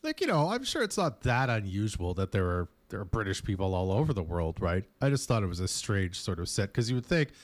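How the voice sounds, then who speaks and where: Guy hosting morning radio, kinda low voice but really animated, dry close mic. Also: a little fast, few pauses, no room sound. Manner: animated storyteller, slips into put-on voices. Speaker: radio morning show host. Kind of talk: casual morning radio banter. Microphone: studio microphone.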